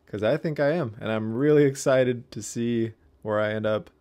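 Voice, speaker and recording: A man's voice: medium pitch, moderate pace, darkish tone, dry recording. A young man chatting casually and upbeat to the camera in a gym, joking about himself and calling people dude. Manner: upbeat, chatty, self-deprecating, says dude. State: out of breath after sets. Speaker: fitness vlogger. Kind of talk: casual vlog chat.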